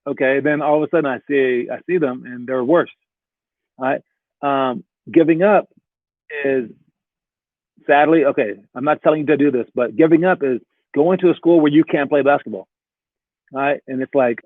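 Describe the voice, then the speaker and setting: A basketball coach talking casually to his players and viewers, often acting out quick back-and-forth quotes. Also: medium pitch, dry recording. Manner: conversational, acts out quick quoted exchanges. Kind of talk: casual talking-head advice video. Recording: tinny phone-like dry sound.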